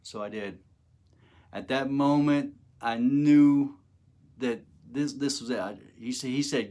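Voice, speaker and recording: A man's voice: medium pitch, takes it slowly, mellow. A middle-aged man telling a personal testimony, emotional and dramatic, acting out the quoted words. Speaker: testimony speaker.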